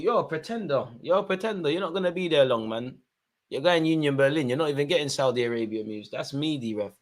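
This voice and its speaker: A young man giving excitable live commentary on a football match, shouting at players and the referee. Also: mid-range voice. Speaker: football fan channel host.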